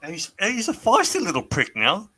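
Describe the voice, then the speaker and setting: A man's voice: high-pitched, huge pitch swings, brisk, noisy background. A man teasing and joking in a casual group chat on a show. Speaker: show regular.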